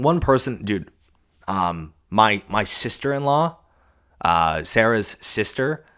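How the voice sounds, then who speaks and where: A young man from Washington state hosts a casual solo podcast. His voice sits fairly low. He rambles in halting starts and restarts, swears often and calls the listener dude. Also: a bit bright. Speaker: podcast host.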